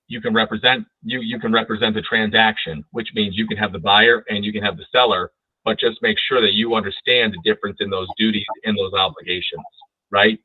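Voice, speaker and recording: On the low side and husky, the man's voice comes through a dry recording. He leads a training webinar for real estate agents via video call, pressing his points emphatically and often checking with "right?". Audio quality is dry and tinny, much like a phone line.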